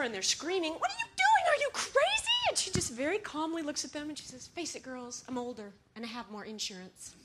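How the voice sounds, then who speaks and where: Speaking to an audience in a slightly high voice over slight background noise, a woman tells animated stories. She laughs occasionally and performs the lines she quotes.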